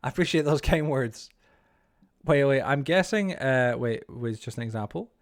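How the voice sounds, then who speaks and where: A man chatting loosely on a game stream, his voice sitting at an everyday middle pitch. He wanders from thought to thought, trips over his words and swears as he goes, and he often makes himself the butt of the joke. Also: expressive, normal speed. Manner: rambling, sweary, self-mocking, stammers. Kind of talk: casual chat while gaming.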